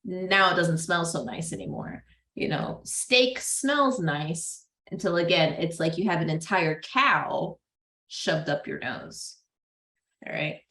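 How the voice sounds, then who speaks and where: A woman's voice: on the low side, big pitch swings, slow pace, bright, forceful tone. A woman giving a casual psychology lecture to a class, chatty, with frequent laughs and fillers. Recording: roomy classroom echo.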